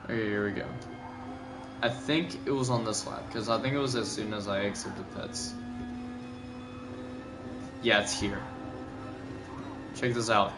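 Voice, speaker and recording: A man's voice: fairly low pitch, sing-song, unhurried, long pauses. Sleepy young man commenting a race replay. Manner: rambling, filler-heavy, self-correcting. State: sleepy, yawning. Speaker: gaming video commentator. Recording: gameplay music behind.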